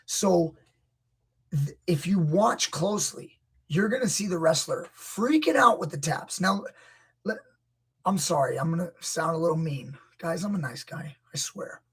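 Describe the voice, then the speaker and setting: Gravelly, husky grappling coach. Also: male voice, a little high, expressive, unhurried. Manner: opinionated, emphatic, rising to near-shouts when indignant. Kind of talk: video commentary.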